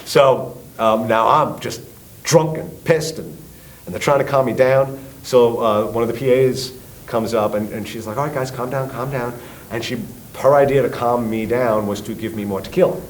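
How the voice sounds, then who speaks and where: A middle-aged man from New York with a New York accent, a guest telling a story with loud acted-out quotes and swearing. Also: mid-range voice, moderate pace, a little hiss or hum, rough recording. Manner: lively, acts out quotes loudly, swears. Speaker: guest, tribute band singer. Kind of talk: animated storytelling.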